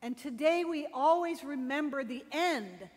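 Woman pastor, high voice, unhurried sermon delivery, long reverb of a church. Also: expressive, darkish tone. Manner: slow, deliberate storytelling with dramatic pauses.

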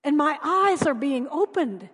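A woman preacher giving a sermon, telling stories earnestly and dropping her voice soft for emphasis. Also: sits high, expressive, a little slow, big-room sound. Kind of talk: sermon with storytelling.

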